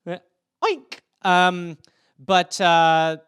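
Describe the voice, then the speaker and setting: Male comic host, high smooth voice, dry booth sound, rambling solo riffs. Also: expressive, normal speed, fairly bright tone, dry recording. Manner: riffing, jumps into goofy character voices mid-sentence. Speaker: podcast host answering listener topics. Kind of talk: solo comedic rant.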